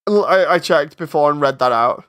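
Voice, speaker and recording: A man's voice: on the high side, moderate pace, a bit bright, clean tone. A man chatting casually on a live stream while working on his animation, rambling, interrupting himself and getting exasperated.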